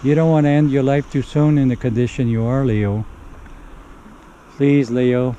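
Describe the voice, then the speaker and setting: A man's voice: mid-range voice, steady tone, normal speed, dark tone, lo-fi sound, slight background noise. A middle-aged man preaching on the street outdoors, earnestly pleading with a listener. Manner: earnest, pleading, keeps urging. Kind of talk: one-on-one street evangelism. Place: outdoors in a city park in winter.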